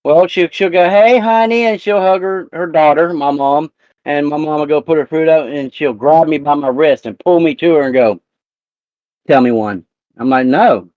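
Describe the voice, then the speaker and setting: A man's voice: on the high side, moderate pace, no room sound, highs cut off. A man hosting a live talk show, telling a profane family story in casual chat.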